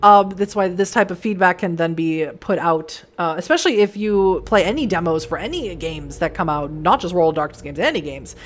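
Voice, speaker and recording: A woman streamer chatting with her viewers at the end of a stream, enthusiastic and full of fillers and restarts. Her voice is hoarse and worn, as if it is about to give out. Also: fairly low pitch, brisk, hardly any pauses, slight background noise. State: hoarse, voice giving out. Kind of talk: casual livestream chat.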